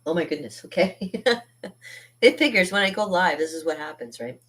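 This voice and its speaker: A woman's voice: fairly low pitch, lively intonation, normal speed, a bit bright, a little hiss or hum. A middle-aged woman hosting a live art stream from her home studio, chatting playfully and rambling with frequent laughs. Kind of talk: casual live-stream chat.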